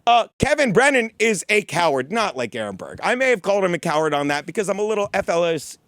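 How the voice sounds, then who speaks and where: Tipsy middle-aged man ranting, high voice. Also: big pitch swings, fast, fairly bright tone, dry recording, studio quality. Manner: heated, rambling, spells out words letter by letter. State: tipsy from whiskey. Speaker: podcast host. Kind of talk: profane comedic rant. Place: studio desk.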